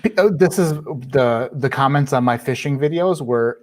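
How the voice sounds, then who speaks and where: A man's voice: medium pitch, normal speed. A man on a podcast, chatting casually with friends in a dry, self-mocking way. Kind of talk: casual chat among friends.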